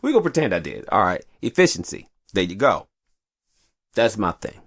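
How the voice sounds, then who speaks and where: Low gravelly black dude podcasting alone, cussing, rambly, bouncy up and down delivery. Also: male voice, wildly swooping pitch, moderate pace, a bit bright, dry recording. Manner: profane, rambling and confessional. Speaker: podcast host. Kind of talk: casual monologue. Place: hot upstairs room.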